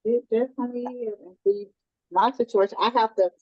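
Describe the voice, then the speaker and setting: Brief: woman, relaxed co-host chat, slightly dull recording. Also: on the high side, brisk, dry recording. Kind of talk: casual chat.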